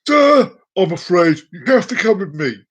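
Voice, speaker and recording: A man playing a stern male traffic cop in a told joke, speaking loudly and officiously. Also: high-pitched, big pitch swings, slow pace, voice pushed up, heavily acted.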